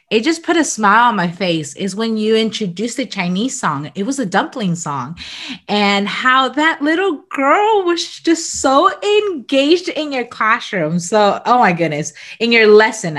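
A woman's voice: mid-range voice, fairly bright tone. A woman interviewer thanking a guest and asking about her experiences. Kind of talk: casual interview.

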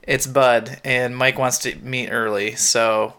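A male podcast co-host casually recapping a TV plot, stepping through events one by one with light laughter. His voice is bright and forceful at a middle pitch for a man. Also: fairly even intonation, slow, clean tone.

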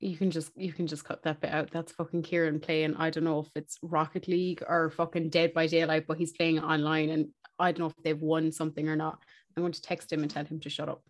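A woman's voice: deep voice, level tone, quick pace. Blunt, jokey young woman. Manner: blunt, jokey, crude asides. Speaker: podcast co-host. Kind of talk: casual chat.

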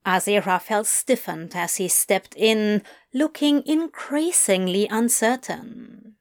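Slow expressive woman reading a story. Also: medium pitch. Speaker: story reader. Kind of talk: audiobook narration of fan fiction.

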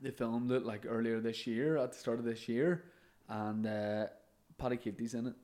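A man's voice: mid-range voice, fairly even intonation, normal speed, a little mellow. A man, a comedian and podcast co-host, telling stories in casual chat, laughing often and swearing now and then.

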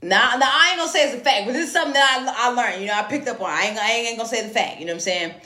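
Woman, podcast host, casual profane monologue, animated, frank, echoey room. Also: fairly high pitch, racing. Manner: frank, animated, keeps saying "you know what I'm saying".

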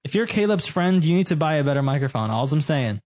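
A man hosts a loose, joking podcast chat, his voice sitting a little high. He drags out lines in mock-serious asides. The sound is muffled and lo-fi, like a cheap home microphone. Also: big pitch swings, fast, darkish tone. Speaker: podcast host. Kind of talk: casual chat.

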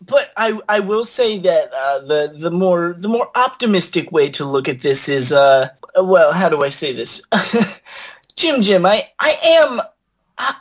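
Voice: mid-range voice, a little slow. A performer playing a flustered, touchy man who keeps begging to drop the subject of his tiny hand, in an improv comedy bit. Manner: flustered, begs to change the subject, deadpan self-deprecation. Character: touchy man with a tiny doll hand, odd parenting guru.

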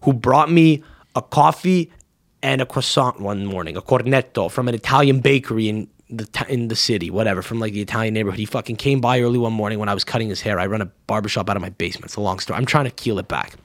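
Fast-talking, profane man hosting a podcast. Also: on the low side, dry recording, studio quality. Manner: profane, animated storytelling. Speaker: podcast host. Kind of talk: casual chat.

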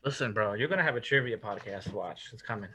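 A man's voice: on the low side, expressive, fast talker, pushed and bright, a little hiss or hum. A man co-hosting a podcast, speaking in slangy, casual chat and saying bro a lot. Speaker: podcast co-host.

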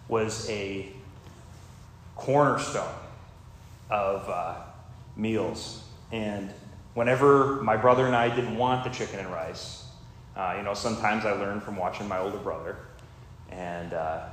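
A man giving a conversational, loosely rambling sermon with plenty of asides. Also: lowish voice. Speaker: preacher. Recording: very echoey room with faint ambient noise.

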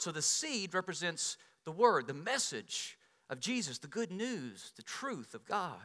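A man preaching a sermon, telling a personal story with lively swings between loud and soft delivery. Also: high voice, unhurried, long reverb tail. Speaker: pastor.

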